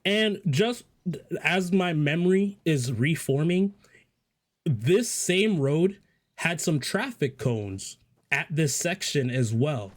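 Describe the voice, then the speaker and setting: A man's voice: on the high side, animated, slow. A man casually telling a personal story to viewers, rambling with profane, joking asides. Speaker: storyteller vlogger.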